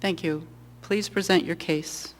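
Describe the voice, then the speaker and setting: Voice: mid-range voice, steady tone, measured pace, big-room sound. A board chair running a public hearing, speaking hesitantly with many restarts.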